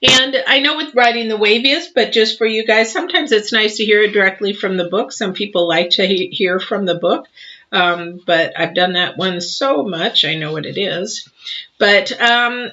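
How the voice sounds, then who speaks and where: A woman's voice: mid-range voice, normal speed, bright, forceful tone, lo-fi sound. A woman doing a live tarot reading, chatty and rambling, with lots of fillers and her mouth still full of cookie dough. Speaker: tarot reader.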